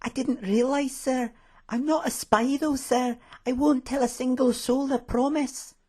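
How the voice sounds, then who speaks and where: A man's voice: very high voice, fairly even intonation, a little slow, mellow, pitched above the performer's own voice. A man reading the part of a nervous young serving woman who apologises timidly. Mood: flustered. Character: flustered young female servant, timid.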